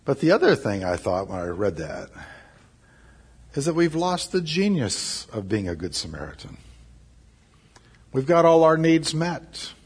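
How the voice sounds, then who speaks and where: Husky-voiced preacher, emphatic. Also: male voice, mid-range voice, big pitch swings, a little slow, pauses often. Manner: emphatic, repeats key phrases. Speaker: pastor. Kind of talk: sermon.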